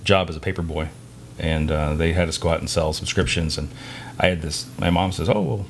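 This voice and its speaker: A man's voice: a bass voice, flat delivery, a little hiss or hum. A man co-hosting a podcast, chatting casually and telling stories from his working life. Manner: storytelling, quick and chatty. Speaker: podcast co-host, massage therapist. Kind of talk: casual chat.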